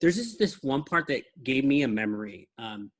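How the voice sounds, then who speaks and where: A man hosting a podcast, chatting in a relaxed, thoughtful way about books he shows to a co-host. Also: medium pitch, normal speed. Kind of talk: casual book chat.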